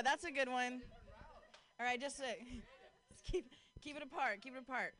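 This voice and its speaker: A woman's voice: high-pitched, moderate pace, sharp tone. A woman doing a casual stand-up set outdoors on a street corner, leaning on "like" and laughing at her own jokes. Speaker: stand-up comedian. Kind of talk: stand-up set with crowd work.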